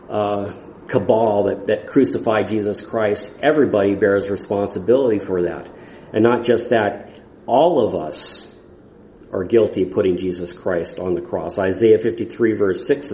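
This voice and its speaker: A man preaching an expository sermon, earnest and halting, often restarting his phrases as he reads and explains scripture. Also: on the low side, warm tone, echoey room, slight background noise, rough recording.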